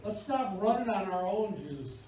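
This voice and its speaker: A man preaching a sermon in an animated, playful way, acting out little scenes. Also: sits high, moderate pace. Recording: echoey room, picked up from far off, faint hiss.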